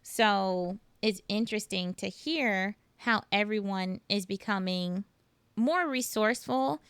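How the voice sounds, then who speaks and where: A woman hosting a podcast, talking in a relaxed, reflective way and pausing as she asks questions. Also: medium pitch, clear, resonant tone, no room sound. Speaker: podcast host. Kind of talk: casual conversational interview.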